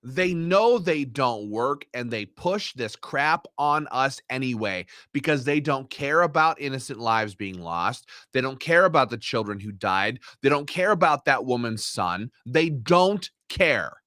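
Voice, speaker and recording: A man's voice: medium pitch, animated, a little slow, few pauses, bright, forceful tone, dry recording, clean studio sound. A man giving live reaction commentary, heated and indignant as he rants. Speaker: livestream commentator.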